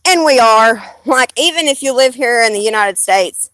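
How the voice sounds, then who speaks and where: A woman's voice: fairly high pitch, lively intonation, moderate pace, a bit bright, no room sound. A woman with a Southern US accent chatting casually on a live stream, rambling and blunt, swearing freely.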